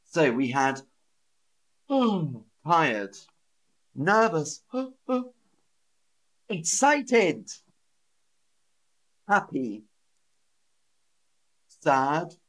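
Very slow, lively English teacher man. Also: medium pitch. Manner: slow, exaggerated, repeats words and sentences for learners; acts out feelings with sighs, gasps and laughs. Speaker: English teacher on a live stream. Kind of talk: live-streamed English lesson for learners.

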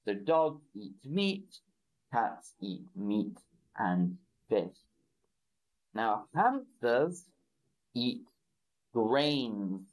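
A man leads a live English lesson for learners, speaking at a very slow, deliberate pace and repeating simple words. His voice sits in an ordinary middle range. He breaks off now and then to greet viewers in the chat by name. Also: mid-range voice, darkish tone, rough recording. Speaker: English teacher.

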